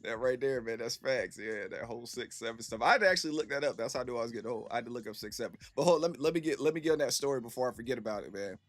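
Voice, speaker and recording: A man's voice: medium pitch, very fast, hardly any pauses, dry recording. A man in his thirties streaming and answering his chat in a rambling, slangy storytelling way full of fillers. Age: 30s. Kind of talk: casual livestream chat.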